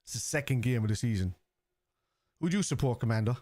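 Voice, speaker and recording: A man's voice: mid-range voice, expressive, quick pace, a little mellow, no echo. A man with a Scouse accent, hosting a football watchalong live stream, reading viewers' chat aloud and answering it in a casual, chatty way.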